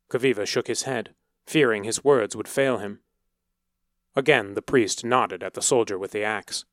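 A man narrating a story in a steady, measured reading voice. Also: fairly low pitch, no echo, studio quality.

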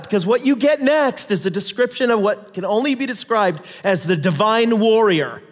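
A man preaching a sermon in an animated, conversational way with dramatic Bible readings. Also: high voice, long reverb tail.

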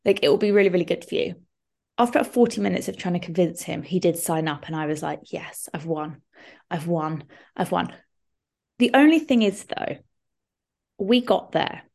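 A young woman telling a story in a casual podcast chat, animated, with lots of "like". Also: on the low side, vocal fry. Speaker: podcast co-host.

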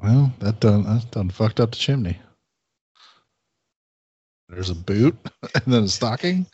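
A man in a casual movie commentary, calmly pointing out what happens on screen. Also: fairly low pitch, a little slow, husky, no room sound. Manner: laid-back, narrating what's on screen. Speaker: podcast co-host. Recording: dull lo-fi dry recording.

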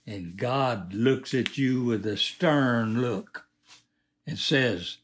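A man's voice: mid-range voice, lively intonation, takes it slowly, fairly bright tone. A man giving a preachy moral monologue in an emphatic, lecturing manner.

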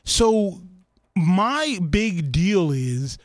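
Playful guest guy, kinda high voice, agreeable, keeps chiming in, dry close mic. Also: big pitch swings, no room sound. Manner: agreeable, quick interjections, playful. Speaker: guest, comedian and TV host. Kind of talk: casual studio chat. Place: studio.

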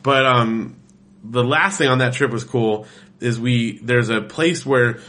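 Lively, bright-voiced man telling stories. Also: mid-range voice, unhurried. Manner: animated storyteller, acts out quotes. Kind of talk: casual chat.

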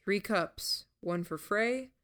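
Woman reading a calm, reassuring young man. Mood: calm, gentle. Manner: low, gentle, measured. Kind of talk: audiobook character voice.

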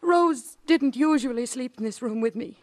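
A woman's voice: high-pitched, moderate pace, a little mellow, no room sound, lightly acted. Woman playing a stammering, grieving widow. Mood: shaken. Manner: stammering, tearful, near hysteria. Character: grieving widowed mother, hysterical and fragile. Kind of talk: 1940s radio acting.

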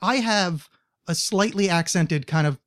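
A man's voice: high-pitched, a little slow, a bit bright. A man with a slight East Coast American accent hosting a podcast, asking curious, rambling questions in casual chat. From United States. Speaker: podcast host.

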